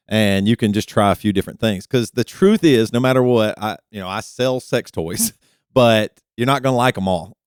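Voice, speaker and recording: A man's voice: on the low side, clear, resonant tone, no room sound, studio quality. A man co-hosting a podcast, chatting in an easygoing way, often laughing and restarting his sentences. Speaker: podcast co-host. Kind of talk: casual advice chat.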